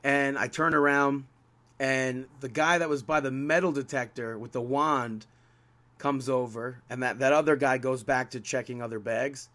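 At normal speed and mid-range pitch, a podcast co-host shares a story in casual conversation. He acts out the dialogue in an animated way, sounding more exasperated with each exchange.

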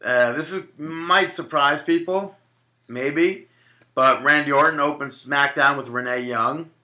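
A man co-hosting a podcast in casual, joking chat, quick to argue a point. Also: a little high, pushed and bright. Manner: joking, argumentative. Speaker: podcast co-host.

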